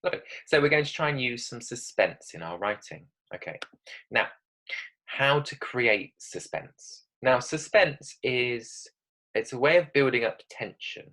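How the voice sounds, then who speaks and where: A man's voice: medium pitch, animated, a little slow, bright, forceful tone, rough recording. A male teacher giving a recorded writing lesson, talking emphatically, often checking in with "okay?" and reading example sentences dramatically.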